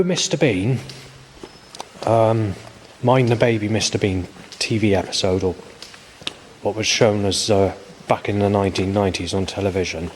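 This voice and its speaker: A man in his forties talks through a loose video diary, full of ums and restarts and frequent swearing. His voice sits low. Faint background noise runs under the recording. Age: 40s. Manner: rambling, hesitant, swears often, many fillers. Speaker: vlogger. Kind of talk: rambling spoken video diary.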